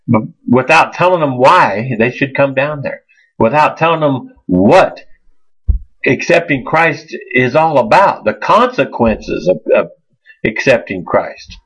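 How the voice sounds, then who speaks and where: An earnest man preaching a sermon, stumbling and repeating himself as he goes. His voice is husky, and the recording sounds muffled and lo-fi. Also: medium pitch, animated. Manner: earnest, halting, repeats words. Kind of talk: informal sermon.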